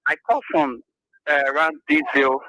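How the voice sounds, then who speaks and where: A man's voice: fairly high pitch, fairly even intonation, moderate pace, pushed and bright, no room sound, poor audio. A man with a Liberian accent calling in to a radio talk show and arguing his point, repeating himself as he goes. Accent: Liberian English. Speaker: caller. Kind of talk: call-in radio opinion.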